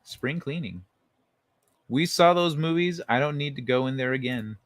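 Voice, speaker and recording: A man's voice: mid-range voice, normal speed, dry recording. A young man hosting a late-night livestream, chatting with his viewers and telling stories in a loose, profane way. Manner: loose, profane storytelling, reads chat aloud, laughs often. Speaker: livestream host. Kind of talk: casual chat with live chat.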